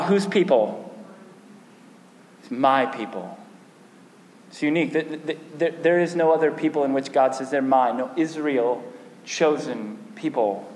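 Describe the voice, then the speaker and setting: A man preaching a sermon in an animated way, with repeated restarts and sudden bursts of emphasis. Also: on the high side, a little slow. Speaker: pastor. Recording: echoey hall with long reverb.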